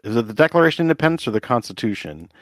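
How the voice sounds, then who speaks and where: A man's voice: medium pitch, very animated, rapid-fire, no room sound. Joking man podcast co-host, dry sound. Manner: joking, self-mocking. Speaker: podcast co-host recommending films. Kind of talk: casual podcast chat.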